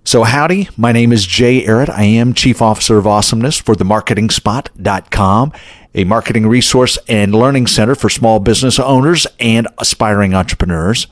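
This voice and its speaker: A middle-aged man with a light Texas accent talks through his own podcast alone, folksy and chatty with a self-deprecating streak. His voice sits low, and the recording is close and dry, with no room sound around it. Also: brisk, no echo. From North Dakota. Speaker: podcast host. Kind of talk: solo podcast monologue.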